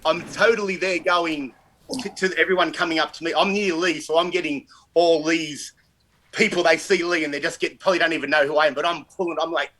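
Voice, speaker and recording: An Australian man telling stories as a guest on a chat show, animated and swearing freely. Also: fairly high pitch, fairly quick, rough recording. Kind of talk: casual storytelling chat.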